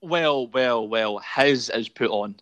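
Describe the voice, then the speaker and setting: A man's voice: medium pitch, slow, fairly bright tone, dry recording, muffled recording. A Scottish man hosting a casual chat, rambling with many fillers and frequent laughs. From Scotland. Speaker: podcast host.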